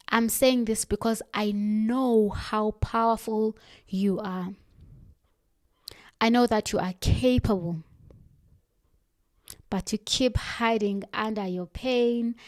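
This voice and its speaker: A woman giving a motivational self-help talk, earnest and direct, slowing down for firm emphasis. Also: medium pitch, darkish tone, no room sound, clean studio sound.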